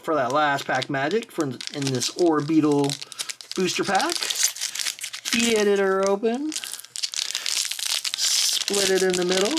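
A host excitedly opening trading card packs on camera, chatting casually, often exclaiming and apologizing, and drifting into rambling asides. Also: mid-range voice, noisy background. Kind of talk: casual pack-opening commentary.

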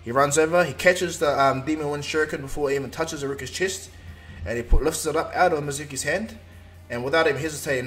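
A man's voice: a little high, fairly bright tone. A man retelling a fan-made anime story in a loose, rambling way. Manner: rambling, with fillers and restarts. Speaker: narrator.

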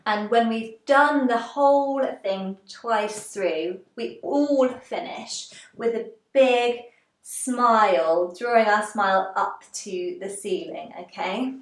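A woman leading a gentle seated movement class, giving encouraging step-by-step cues. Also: a little high, takes it slowly. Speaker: dance and movement instructor. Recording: roomy, echoey room.

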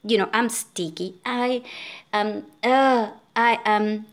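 A woman's voice: mid-range voice, fairly even intonation, takes it slowly. A woman from Venezuela, exhausted, telling a story as a frustrated vlogger rant, full of fillers and restarts.

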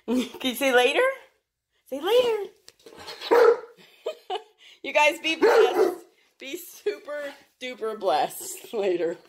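Female pet vlogger at home; sweet, playful, unhurried talk, bright sing-song delivery. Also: high-pitched, sing-song, slight background noise. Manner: playful, talks sweetly to her dogs and viewers. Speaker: vlogger, dog owner. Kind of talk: casual pet vlog.

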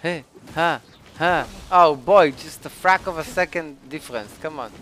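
Excitable ranting man with bright voice. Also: fairly high pitch, unhurried. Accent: non-native English accent. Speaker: streamer. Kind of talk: live gameplay commentary.

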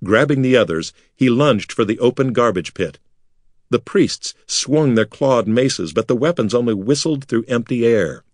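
A man reading a children's adventure book aloud in steady scripted narration. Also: mid-range voice, normal speed, no echo, studio quality. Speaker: audiobook narrator.

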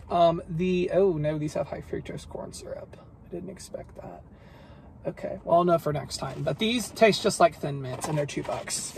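A man with an American accent, chatting casually and excitedly about shopping deals in a vlog. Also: sits high, gravelly, slight background noise. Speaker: vlogger. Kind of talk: casual chat. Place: car and store.

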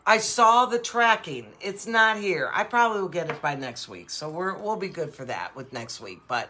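An older woman chats casually as host of a live jewelry show, drifting from one story to the next with lots of fillers and laughter. Her voice sits fairly low, yet it comes across bright and forceful. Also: moderate pace, slightly rough. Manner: chatty, rambling storyteller with frequent laughs; animated, with many fillers. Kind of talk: casual chat.

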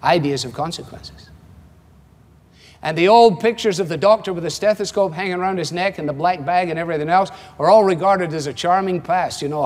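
A man's voice: on the high side, fairly quick, a little mellow. A man in his seventies with a Scottish accent, preaching a sermon in a wry, conversational way, acting out quotes. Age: 70s. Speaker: pastor. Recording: long hall reverb.

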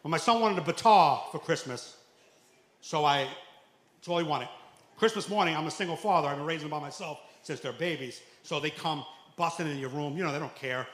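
Loud New comic in an echoey club. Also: male voice, fairly high pitch, fairly quick. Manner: loud storytelling with acted quotes, shouting punchlines. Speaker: stand-up comedian. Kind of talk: stand-up set. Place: comedy club stage. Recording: echoey club room, faint noise.

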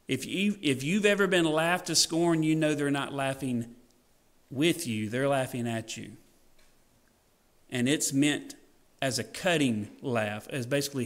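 A man preaching a sermon in a church, animated and folksy, acting out scenes and joking with the congregation. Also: medium pitch, normal speed. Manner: animated, acts out scenes in varied voices. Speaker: pastor. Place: church sanctuary.

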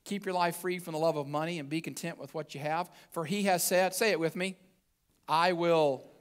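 A man preaching a sermon as pastor, quoting scripture and swinging from soft, low passages to loud, emphatic ones. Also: fairly even intonation, quick pace. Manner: scripture quoted aloud and picked apart.

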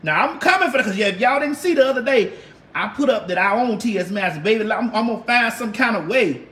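A high-pitched woman chats casually on a livestream, brash and sassy, with a drawl and a steady stream of cussing. Her voice rings around a roomy, echoey space picked up by a phone or webcam mic. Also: quick pace. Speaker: livestream host. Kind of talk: casual livestream chat with viewers. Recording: roomy echo.

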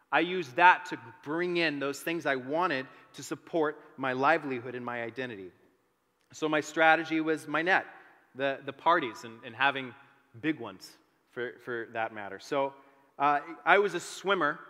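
A young man telling his own story as a sermon, animated and self-deprecating. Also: medium pitch, normal speed. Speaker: teaching pastor. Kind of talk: testimony sermon. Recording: long reverb of a large hall.

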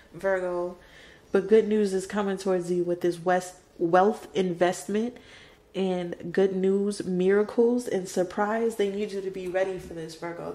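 A woman's voice: mid-range voice, mellow. A woman giving a spoken tarot card reading, emotional and dramatic, repeating her phrases for emphasis. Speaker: tarot reader. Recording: roomy echo with faint background noise.

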